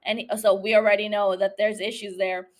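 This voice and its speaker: A woman's voice: mid-range voice, flat delivery, a little fast. A woman host recapping a TV episode for her podcast. She talks in a loose, chatty way, swears freely and laughs often.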